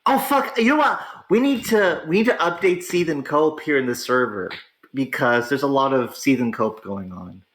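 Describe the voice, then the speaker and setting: A man hosting a casual online talk show, reacting excitably to gaming politics with frequent laughs and drawn-out exclamations. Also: mid-range voice, rough recording. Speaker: podcast host.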